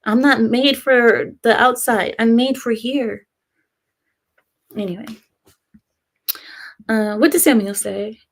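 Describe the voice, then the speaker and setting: A woman's voice: a little high, slow, pauses often. A young woman talks casually on a live stream, sharing her opinions with emphatic conviction. She reads viewer comments aloud and often laughs between her remarks. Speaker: live-stream host reading chat.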